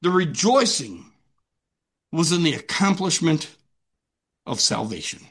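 A man preaching a sermon to his congregation in a notably high voice. He is earnest and often asks a question and then answers it himself. He slows down when reading scripture aloud. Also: big pitch swings, a bit bright, slightly rough. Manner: reads scripture aloud, slowing down. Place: church meeting room with a congregation.

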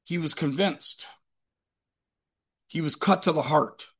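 A man's voice: on the high side, slow, fairly bright tone, breathy edge. A man preaching a sermon emphatically, with rhetorical questions and repetition.

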